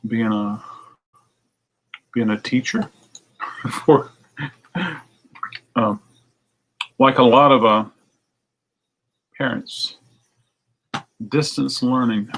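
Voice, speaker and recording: A man chatting casually with his viewers, like a record shop owner hosting a morning show. He tells a rambling story and acts out phone calls in high, excited voices. His normal talking voice sits at a medium pitch. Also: drawn-out words, creaky, pauses often, slight background noise. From United States.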